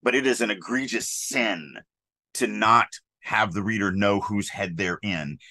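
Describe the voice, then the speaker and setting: Male podcast co-host: low, bright, animated, throws himself into quoted lines. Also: no room sound. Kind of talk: casual editing discussion.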